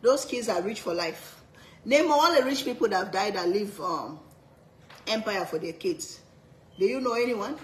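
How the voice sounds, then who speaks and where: A woman and mother chatting casually to camera, lecturing her kids in a half-joking, animated way with lots of repetition. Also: medium pitch, moderate pace. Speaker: cooking vlogger and mother. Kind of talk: casual family chat to camera. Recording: echoey room, faint background noise.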